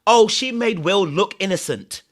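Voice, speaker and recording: A young man, hosting a casual podcast and commenting in an animated, playful way, laughing at himself and repeating words. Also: high-pitched, unhurried. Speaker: podcast host.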